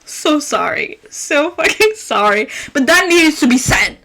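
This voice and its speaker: A young woman hosting a podcast, yelling through a fast, profane rant about her day. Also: sits high, sing-song. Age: young adult. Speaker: podcast host. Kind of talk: ranting casual podcast monologue.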